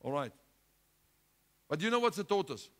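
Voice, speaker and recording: A male pastor preaching a sermon with a South African accent, swinging between loud urgent exhortation and quiet, low asides. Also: big pitch swings, moderate pace. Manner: impassioned preaching, rising loud then dropping low.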